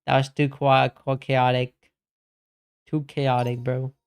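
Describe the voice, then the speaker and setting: A man's voice: mid-range voice, monotone, slow pace, gravelly, smooth. A man streaming casually, chatting slangily and calling everyone bro while answering his chat.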